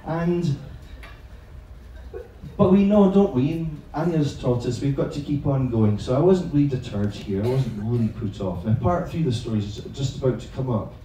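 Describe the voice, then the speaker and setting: A man's voice: medium pitch, moderate pace, mellow, slight background noise. Man telling a funny story in an echoey room. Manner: chatty, self-mocking, swears freely. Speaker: teacher trainer telling a story on stage. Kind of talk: live comic storytelling to an audience. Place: large echoing room at an evening event. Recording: very echoey room, voice far from the mic.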